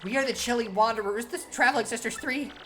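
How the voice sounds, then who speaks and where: A woman's voice: fairly high pitch, fast talker, a bit bright, voice pushed up, close to an everyday voice. A woman reading the lines of a complaining traveling sister in a light voice. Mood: whiny. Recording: game music behind.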